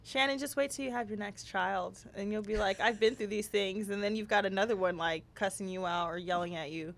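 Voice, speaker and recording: Animated woman co-host telling stories. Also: mid-range voice, brisk, vocal fry. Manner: lively storyteller with animated quoted voices. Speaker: podcast co-host. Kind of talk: casual chat.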